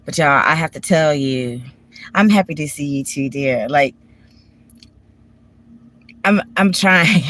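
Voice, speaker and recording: A woman's voice: low voice, slow, pauses often, a bit bright. A woman with a Washington DC accent, vlogging from her parked car on a phone, talking candidly and profanely in a rambling way. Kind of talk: casual emotional chat.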